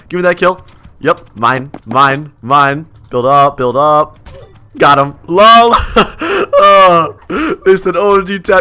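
A man giving chatty, excitable live gameplay commentary, repeating phrases and laughing often as he plays and reads his chat. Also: on the high side. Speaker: gaming YouTuber.

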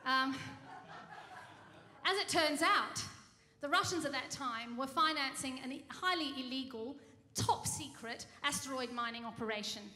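A woman's voice: sits high, a little slow, sharp tone. A woman cabaret singer telling a rambling, mock-earnest tall tale on stage, full of ums and restarts, live in a music venue. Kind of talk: comic stage monologue. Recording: reverberant live room.

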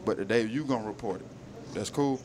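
A man's voice: fairly low pitch, brisk. A man doing brash, slangy comedic street interviews as a roving reporter, recorded outdoors on a city street. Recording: noisy outdoor street with traffic.

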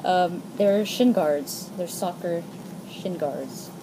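A woman's voice: lowish voice, slow, background noise. A woman talking casually in a behind-the-scenes vlog, rambling and hesitant with many fillers, partly from her home garage. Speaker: cosplayer and video maker.

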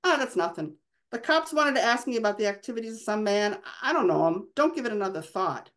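A woman reading aloud, voicing a calm, easygoing young man who shrugs off trouble. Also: a little high, brisk, voice pushed up. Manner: calm, casual, breezy. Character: young man, cool and unflappable charmer.

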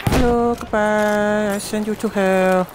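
A man's voice: sits high, fairly even intonation, unhurried, very noisy. A man commentating his own shooter gameplay, crude and joking and mocking himself. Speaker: gamer, channel host. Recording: game gunfire and explosions behind. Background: gunfire, artillery, vehicles.

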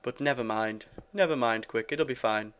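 A man's voice: mid-range voice, moderate pace, a bit bright, a little hiss or hum. A young British man giving casual, rambling commentary while playing a building game, joking with his viewers. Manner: rambling, self-mocking, chatty with viewers. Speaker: gamer. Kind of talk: casual Let's Play commentary.

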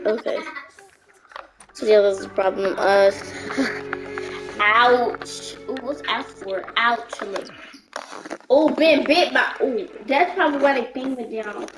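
Over music, a host speaks slowly in a medium-pitched voice, offering laid-back let's-play commentary. He chats with the characters on screen as well as his audience, and mouse clicks come through in the noisy recording.

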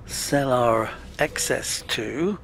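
A man talks slowly through a game, chatting and muttering to himself with a gravelly, creaky voice. A faint hum sits under his home recording. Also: mid-range voice, fairly bright tone. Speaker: gaming channel host. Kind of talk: casual let's-play commentary.

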